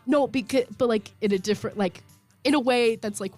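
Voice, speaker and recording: A woman's voice: a little high, brisk, a little mellow, soft background music. A woman in her twenties co-hosting a student radio show, chatting casually with frequent laughs and fillers. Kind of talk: casual on-air chat. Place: college radio studio.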